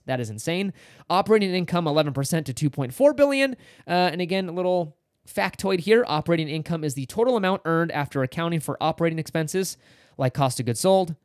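A man's voice: a little high, a little mellow, dry recording, studio quality. A man co-hosting a casual podcast, explaining figures in an upbeat way and teasing as quizmaster. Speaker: podcast co-host.

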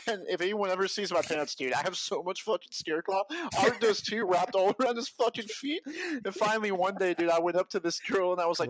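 A man co-hosting a casual podcast, talking in an animated way, laughing often and calling people "bro" and "dude.". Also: high-pitched, a little fast, few pauses, no room sound. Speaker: podcast co-host. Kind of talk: casual chat.

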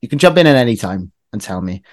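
A man hosts a casual football quiz, teasing his friends as he reads out lists of clubs. His voice sits at an ordinary pitch. The sound is close and dry. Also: very animated, fast talker, dry recording. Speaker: quiz host.

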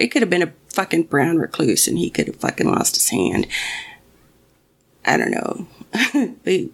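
A woman's voice: fairly low pitch, vocal fry, slightly rough. A young woman telling a personal story casually, swearing often and restarting her sentences. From Mexican family.

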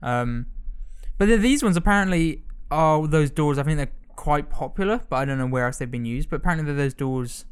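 Young guy, smooth resonant voice, slightly raised pitch, rambling casual chat. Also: expressive, a little fast. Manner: rambling, self-interrupting, teasing.

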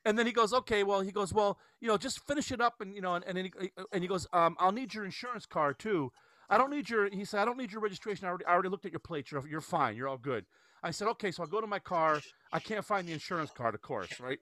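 A man's voice: sits high, animated, quick pace, bright, forceful tone. A man hosting a casual podcast chat, telling a rambling story with lots of restarts and fillers. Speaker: podcast host.

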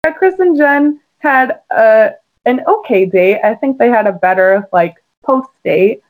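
In a rough recording, a woman co-hosts a casual podcast, chatty and full of "like" and "um." Her voice is a little high with lively intonation, at a measured pace.

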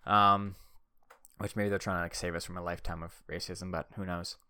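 A man's voice: low-pitched, level tone, fairly quick, pushed and bright, clean tone, dry recording, studio quality. A young man telling childhood stories in a rambling, casual way, full of "like" and "uh". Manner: rambling, heavy use of "like" and "uh".

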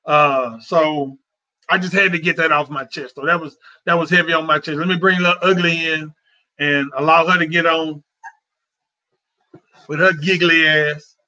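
A man's voice: on the high side, fairly even intonation, normal speed, sharp tone. A man hosting a casual talk show, speaking in a heartfelt, repetitive, conversational way. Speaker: host. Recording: dull lo-fi sound.

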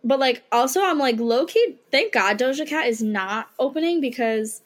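A woman's voice: sits high, animated, moderate pace. A young woman co-hosting a podcast, chatting casually with friends, swearing freely and hiccuping. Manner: chatty, swears freely, reads posts aloud. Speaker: podcast co-host. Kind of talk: casual chat. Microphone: headphones with mic.

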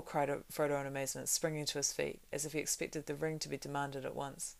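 A woman narrating a novel aloud in a steady, plain way, with small slips. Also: a bass voice, a little fast, vocal fry, hardly any pauses.

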